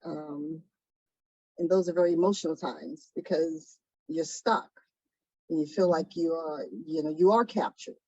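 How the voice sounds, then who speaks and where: A woman recounts her past in a soft, hesitant interview voice, often pausing to gather herself. Her voice has a husky edge. The sound is dry and a little dull, like a lo-fi recording. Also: low-pitched, fairly even intonation, dry recording. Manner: soft-spoken, hesitant, many pauses and ums. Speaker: trafficking survivor guest. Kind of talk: interview testimony.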